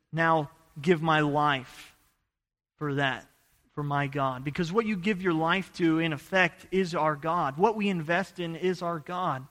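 A man from Idaho preaching a sermon, telling a personal story in an earnest voice that rises to loud, urgent bursts. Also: fairly high pitch, big-room sound.

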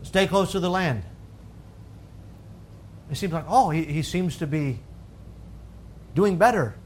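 A man preaching a sermon, swinging from calm teaching to loud, fervent high-pitched emphasis. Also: slow pace, a little hiss or hum.

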